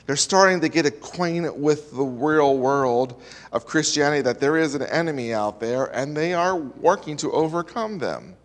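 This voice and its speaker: Pastor guy preaching, high voice, stacks up repeated lines for emphasis, big echoey hall. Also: animated, normal speed. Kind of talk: sermon. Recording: reverberant hall.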